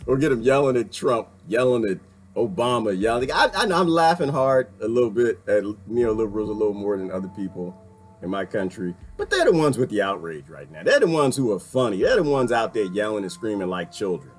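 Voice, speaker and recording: A man's voice: lowish voice, sing-song, brisk, faint music behind. A man hosting a casual livestream, talking straight to his chat viewers and laughing often. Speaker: livestream host.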